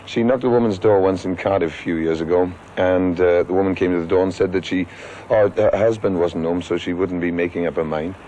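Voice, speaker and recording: A politician telling a wry canvassing anecdote about his wife, relaxed. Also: low voice, brisk, slight background noise, rough recording.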